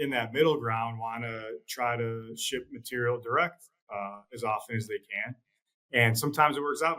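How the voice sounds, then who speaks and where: A man as an interview guest, talking in a measured, plain-spoken way and repeating words as he thinks. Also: medium pitch, pushed and bright, low-quality recording. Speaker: guest, trading executive. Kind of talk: casual interview chat.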